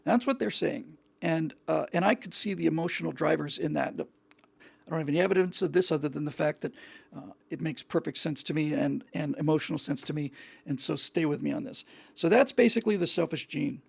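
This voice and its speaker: A man's voice: on the high side, a little fast, creaky, slightly rough, dry recording. A male show host giving an earnest opinion monologue, often repeating words and restarting his sentences.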